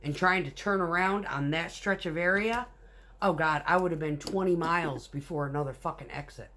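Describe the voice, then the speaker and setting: A woman's voice: fairly low pitch, normal speed, a bit bright, slight background noise. A woman, a concrete mixer truck driver, telling work stories in a blunt, casual way full of swearing. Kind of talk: casual storytelling.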